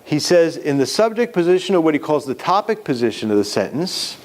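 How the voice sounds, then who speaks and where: A man's voice: a little high, sing-song, fairly quick, a little mellow, slight background noise. A man giving a live classroom lecture on writing, explaining step by step with examples.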